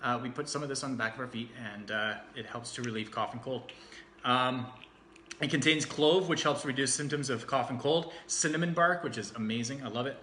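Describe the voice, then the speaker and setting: A man chatting casually and cheerfully through a product walkthrough, joking and filling pauses with ums. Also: medium pitch, pushed and bright, slight background noise. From Canada. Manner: chatty, upbeat, jokey, with frequent fillers. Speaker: vlogger reviewing essential oils. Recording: echoey room.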